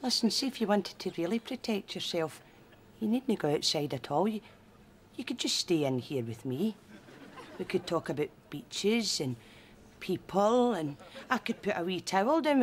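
An actress with a Scottish accent playing a lonely, flirtatious shop assistant in a sketch, wheedling and suggestive. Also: female voice, medium pitch, very animated, normal speed, a little hiss or hum, lightly acted. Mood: coaxing. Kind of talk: sketch comedy acting.

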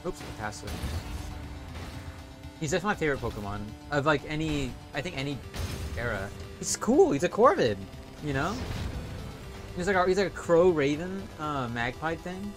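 A young man talks through a game on a live stream in a loose, rambling way, swearing freely. His voice sits a bit high for a man, with faint game music underneath. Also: animated, moderate pace, pauses often. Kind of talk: casual gaming stream commentary.

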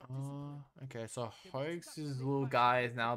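A man at a middle pitch reacting live to a match he is watching. He talks casually and bursts into loud, exasperated rants. He swears when he gets frustrated. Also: fairly even intonation, slow pace, few pauses, clear, resonant tone. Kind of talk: live watch-along commentary.

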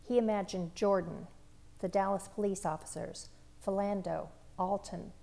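A woman reading a children's picture book aloud in a measured, earnest narration. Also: medium pitch, fairly even intonation, vocal fry, mellow. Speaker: storybook reader.

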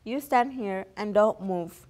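A woman's voice: mid-range voice, slow, darkish tone, lightly acted. A young woman reading as an exasperated storybook father. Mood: scolding. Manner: exasperated scolding. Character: stern father scolding his young daughter.

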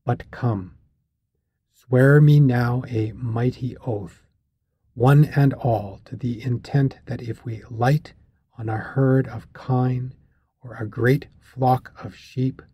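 A man voicing a grave, commanding sea captain from an ancient epic, speaking slowly and solemnly in archaic phrasing for an audiobook. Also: mid-range voice, steady tone, warm tone, husky, dry recording. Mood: stern command. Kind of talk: audiobook reading of a classic epic.

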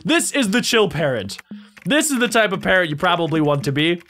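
A man giving casual, excitable and playful commentary while reacting to videos. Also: sits high, a little fast, soft background music.

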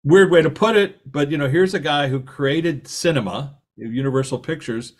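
A middle-aged man with a lively, anecdotal way of talking, telling stories in a talk and acting out the quoted voices. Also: a little high, normal speed. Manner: animated, anecdotal, laughs at his own stories, acts out quotes. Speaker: author and podcast host giving a talk. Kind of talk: storytelling talk.

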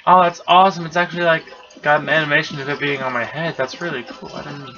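A young man playing a co-op video game with a friend, reacting excitably with loud outbursts. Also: fairly high pitch, quick pace. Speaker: let's play co-player. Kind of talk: casual co-op gaming chat. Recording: muffled lo-fi capture.

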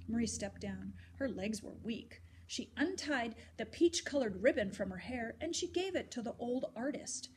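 Storyteller: woman, fairly high voice, gentle expressive read-aloud, faint hiss. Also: normal speed, hardly any pauses.

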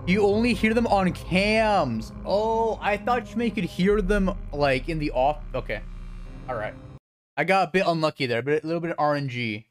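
A young man streaming live gameplay, talking fast and excitably, yelping and swearing at scares and cheering at wins. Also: a little high, soft background music. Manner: excitable, jumpy, swears, yelps when scared.

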